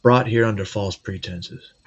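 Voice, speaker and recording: A man's voice: lowish voice, unhurried, husky, lo-fi sound. A man hosting a commentary video, talking in a sarcastic, conversational way. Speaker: video host. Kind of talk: commentary monologue.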